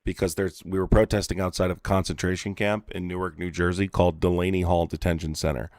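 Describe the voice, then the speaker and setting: A man's voice: sits low, level tone, fast talker, a little mellow. A man hosting a call-in political debate, pressing and insistent as he argues. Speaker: political streamer and activist.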